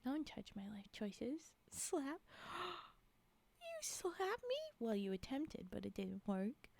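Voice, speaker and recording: A woman's voice: on the high side, wildly swooping pitch, takes it slowly, gravelly, a little mellow. A young woman streamer chatting with her live chat, giggling and sleepy, reacting in exasperated disbelief. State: yawning, sleepy. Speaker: streamer reading stories to chat.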